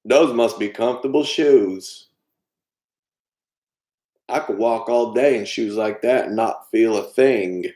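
A man doing an impression of a slow, earnest, simple-hearted man. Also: fairly low pitch, mellow. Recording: echoey room.

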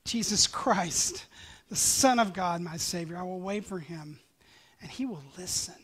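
Male pastor preaching a sermon; dynamic delivery that builds to loud emphatic peaks and drops to quiet near-whispers. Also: sits high, measured pace, husky. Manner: reads scripture aloud with passion.

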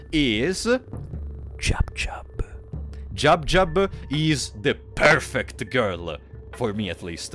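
A man giving casual live-stream commentary while playing, excitable and quick to thank donors out loud. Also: medium pitch. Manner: excitable, thanks donors loudly, restarts often.

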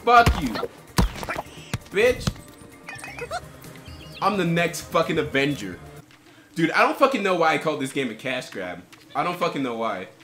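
A young man giving profane, sarcastic gameplay commentary, swinging from muttered gripes into shouting and laughter. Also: fairly high pitch, sing-song, brisk, over music. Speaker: gaming commentator.

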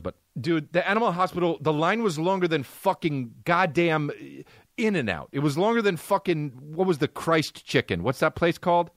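Profane, exasperated comedian host. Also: male voice, fairly high pitch, expressive, moderate pace, no room sound, studio quality. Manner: profane, exasperated, punchy delivery. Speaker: podcast host. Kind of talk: comedic storytelling monologue.

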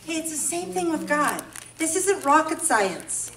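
Woman speaker from California, high bright voice, lively storytelling sermon, echoey hall, a bit off-mic. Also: moderate pace, slight background noise. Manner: animated storytelling, playful then earnest. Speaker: women's breakfast speaker. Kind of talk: humorous sermon. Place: church event hall. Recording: echoey hall, mic at a distance, faint ambience.

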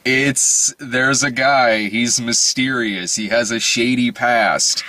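Bright-voiced man ranting about a movie. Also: mid-range voice, fairly even intonation, slow pace, no room sound. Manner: rambling, profane, laughs often. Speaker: movie review podcast host. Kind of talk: casual movie review chat.

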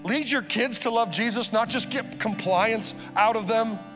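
A man preaching a sermon as pastor, energetic, with urgent appeals and calls for the congregation to respond. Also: very high voice, a little slow. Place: church auditorium. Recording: live sermon in a large reverberant hall with faint music.

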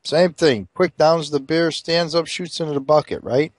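A man telling a long rambling joke, animated, with frequent asides like checking the listener follows. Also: on the high side, normal speed, no room sound. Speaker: joke teller.

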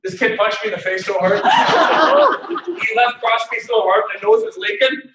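A man giving a keynote talk, telling funny stories about himself with animated delivery and frequent laughter. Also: high-pitched, moderate pace, noisy background. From Canada. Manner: animated, self-mocking, laughs often. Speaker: keynote speaker. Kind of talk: humorous storytelling keynote. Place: conference hall. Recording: echoey hall, mic at a distance.

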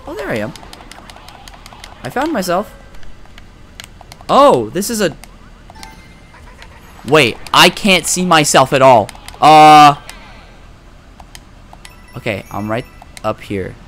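A young man giving casual, profane let's-play commentary, excitable and trash-talking the game as he plays. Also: a little high, slow, pauses often, faint music behind. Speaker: gaming commentator.

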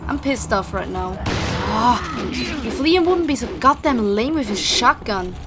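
A woman's voice: a little high, animated, unhurried. Exasperated young woman narrating gameplay. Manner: frustrated, swearing, exclaiming at the game. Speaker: let's play commentator. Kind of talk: casual gameplay commentary. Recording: game music behind the voice.

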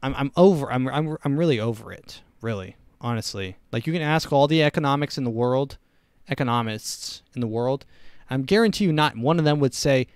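A man's voice: mid-range voice, animated, fairly quick, clean tone, no echo, studio quality. A young man hosting a comedy podcast, rambling through opinionated, sarcastic riffs in a casual monologue. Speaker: podcast host.

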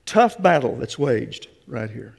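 In a church sanctuary, a man preaches emphatically, speaking straight to his congregation in a mid-range voice that's husky and creaky, with big pitch swings and a slightly slow pace. The church hall adds a long reverb to the sound.

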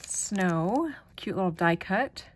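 A woman chatting casually as she unboxes a package of craft supplies, gushing with delight and often dropping to a soft whisper. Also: medium pitch, expressive, slow. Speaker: crafting vlogger.

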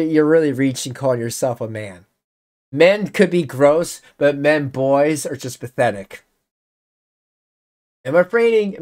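Host, mid-pitch, unhurried delivery; reads messages aloud and cuts in with sarcastic, exasperated asides. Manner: exasperated, sarcastic remarks between readings. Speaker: channel host reacting to messages. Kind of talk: casual commentary reading messages aloud.

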